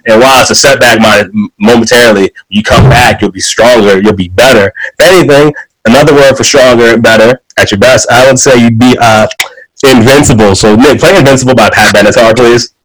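A man co-hosting a casual podcast chat, riffing loosely and swearing freely, with bursts of excitement. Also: mid-range voice, a little fast, rough recording. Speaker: podcast co-host.

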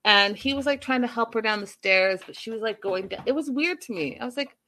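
A woman casually recapping a reality show episode, chatty and animated, with sarcastic asides. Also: on the high side, fairly quick.

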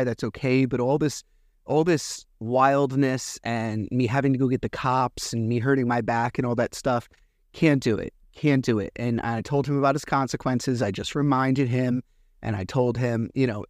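A man's voice: mid-range voice, no echo. A man in his thirties hosting a solo podcast in a casual, meandering way, full of ums and uhs. He acts out bits of conversation as he tells a family story. His mid-range voice sounds close and dry, with no room around it. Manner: rambling, animated retelling with many fillers. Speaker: podcast host.

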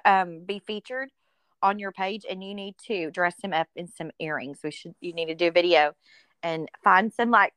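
A woman's voice: lowish voice, moderate pace, a bit bright, smooth, no echo, studio quality. Bubbly woman host, laughing often. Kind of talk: casual chat.

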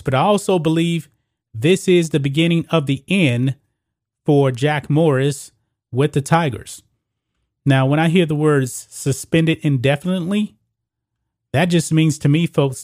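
A man hosts his own sports opinion channel, speaking casually to viewers in a fairly high, slightly mellow voice, recorded dry at studio quality. This sports commentary host reads news quotes aloud, stumbling and restarting as he goes.

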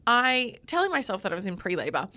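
Bright-voiced woman, podcast guest, lively laughing storyteller, casual chat. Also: mid-range voice, quick pace. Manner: animated, laughing storyteller, acts out quotes.

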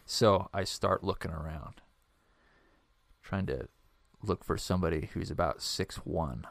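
A man's voice: on the low side, normal speed, creaky, fairly bright tone, dry recording. A young man co-hosting a podcast, telling a story casually with many fillers and self-deprecating asides. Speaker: podcast co-host.

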